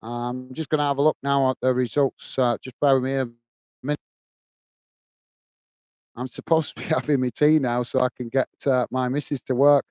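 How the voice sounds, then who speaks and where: Chatty man with a smooth voice. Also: medium pitch, level tone, moderate pace, pauses often, a little mellow, dry recording. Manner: chatty, addresses viewers as mate; reads out chat comments. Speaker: livestream host. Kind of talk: casual livestream chat.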